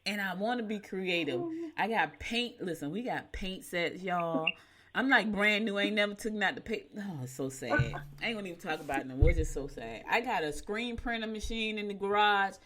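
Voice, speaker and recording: With a fairly bright mid-range voice at normal speed, a middle-aged woman hosts a morning show. She does horoscope readings and casual chat, telling folksy stories and laughing at herself.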